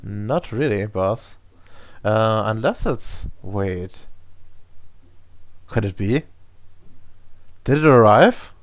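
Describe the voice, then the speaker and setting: An excitable, stammering crewman who can barely hold himself together over bacon, as a man puts him on in a tabletop game. His voice sits low and sounds dry. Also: drawn-out words, pauses often, dry recording, exaggerated voice. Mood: eager. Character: eager, bacon-obsessed male crew member.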